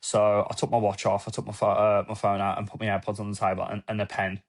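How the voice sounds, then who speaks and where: A man, a former police officer, gives a candid, emotional personal account in a podcast interview, with halting restarts, quoted dialogue and casual swearing. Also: fairly low pitch, level tone.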